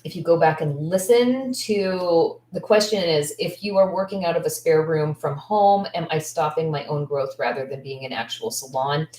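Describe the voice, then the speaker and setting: Chatting casually on a livestream, this business coach has a low, darkish voice that echoes a bit in the room. Her talk is candid and gushing, full of "likes," false starts and meandering tangents.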